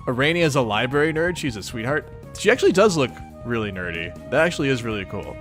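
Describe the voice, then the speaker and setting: A man reading along to a webcomic, chatting freely about what he sees. His pitch leaps about as he reacts, and he laughs easily. Faint music sits in the background. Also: sing-song, fast, fairly bright tone. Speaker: webcomic reader. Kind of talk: casual read-along commentary.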